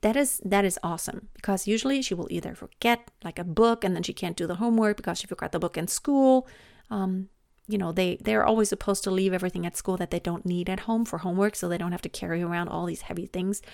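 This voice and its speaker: A woman in her thirties talking casually about parenting in a chatty, animated way with many fillers. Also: on the low side, fast, vocal fry, no room sound, studio quality. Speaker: podcast host, mother. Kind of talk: casual personal monologue.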